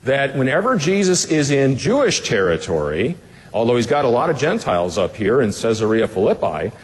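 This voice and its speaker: A man's voice: medium pitch, sing-song, moderate pace, big-room sound. A man as pastor teaching a Bible passage in a conversational sermon, putting rhetorical questions to the listeners in a casual way with fillers.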